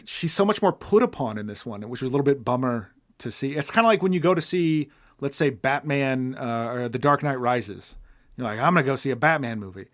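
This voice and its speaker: Male co-host, mid-pitch, casual rambling film-review chat. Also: expressive, a little fast. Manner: meandering, thinks aloud while critiquing. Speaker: podcast co-host.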